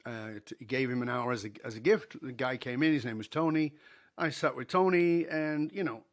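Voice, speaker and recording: A middle-aged man speaks as a guest on a podcast, spinning a story with animated delivery. He voices the other people in it and laughs easily along the way. His voice sits at an ordinary middle pitch. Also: moderate pace. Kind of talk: storytelling interview.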